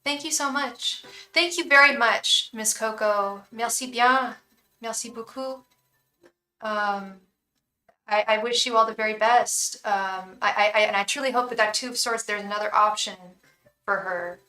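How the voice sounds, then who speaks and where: Bright-voiced woman tarot reader, far from mic. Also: mid-range voice, moderate pace. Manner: chatty, thanks donors by name, chants invocations to spirit guides. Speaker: tarot reader and psychic on a live stream. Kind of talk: casual live-stream chat with viewers.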